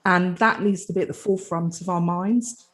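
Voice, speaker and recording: A woman's voice: fairly low pitch, steady tone, normal speed. A British woman, a health trust chief executive, answering a panel question earnestly and fluently, often restarting her sentences. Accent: British English.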